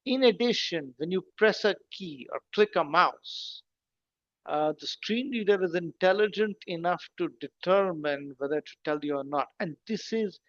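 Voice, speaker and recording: A man, a guest on an online call, explains his topic in a lively, conversational way. His voice sits a little on the higher side. He breaks ideas into steps and poses rhetorical questions to his listeners. The audio is dry and slightly dull, like lo-fi call sound. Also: moderate pace, no echo. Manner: explains things step by step with rhetorical questions and asides. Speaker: guest speaker. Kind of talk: conversational talk in an online session.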